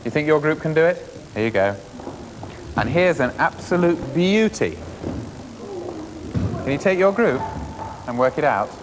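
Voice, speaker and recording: A man presenting a classroom music lesson to primary school children, asking brisk, encouraging questions. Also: on the high side, big pitch swings. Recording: 1980s schools TV, reverberant school hall, faint hiss.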